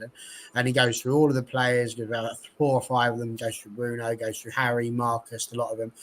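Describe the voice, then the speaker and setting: A man's voice: mid-range voice, a bit bright, rough recording. A man hosting a casual fan chat, musing aloud and posing rhetorical questions to his co-hosts.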